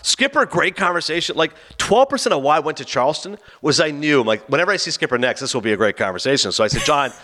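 A man on a podcast telling a long anecdote in casual chat, acting out the quoted lines and stammering through quick restarts. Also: on the high side. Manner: animated anecdote teller, acts out his own and others' quoted lines.

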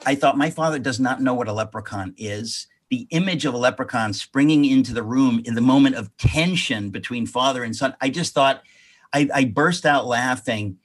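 A man's voice: medium pitch, normal speed. A man, an author being interviewed, telling a rambling family anecdote with many self-corrections. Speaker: author guest. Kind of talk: storytelling in an interview.

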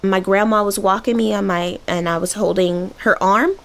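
Gravelly woman telling a dramatic story. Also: mid-range voice, moderate pace. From Oakland, California. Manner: vivid, animated, dramatic telling. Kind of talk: personal storytelling.

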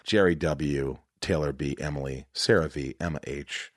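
Low-voiced frank man hosting a podcast. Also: moderate pace, dry recording, studio quality. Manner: frank and profane, openly emotional; rambling with many restarts and fillers. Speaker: podcast host. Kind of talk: casual candid chat.

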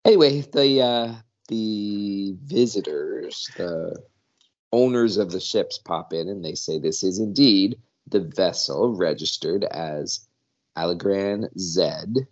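A man recaps a cartoon episode in a low, gravelly voice. He speaks slowly but with a lively, swooping intonation as he retells the story. The lo-fi recording sounds dull. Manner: storytelling, acts out the dialogue. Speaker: podcast co-host.

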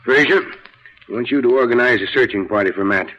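An actor playing a kindly elderly uncle who owns a ranch, talking steadily and decisively in 1940s radio acting. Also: male voice, mid-range voice, fast talker, close to an everyday voice. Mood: steady. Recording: dull old radio broadcast.

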